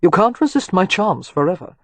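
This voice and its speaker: A woman narrator voicing a confident, wry young gentleman architect who teases and reflects. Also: sits high, big pitch swings, fairly quick, dry recording, heavily acted. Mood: teasing.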